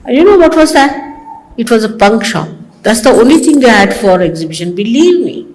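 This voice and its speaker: An older woman with an Indian accent, a spiritual teacher giving an informal talk full of rambling stories, asides and gentle mockery, heard in an archival recording. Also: a little high, sing-song, a little fast, rough recording.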